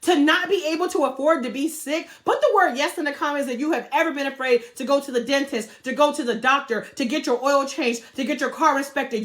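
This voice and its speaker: High-voiced, fired-up woman vlogger. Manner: fired-up, preachy, talks straight at viewers, swears freely. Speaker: travel and money vlogger. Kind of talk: motivational talk to camera.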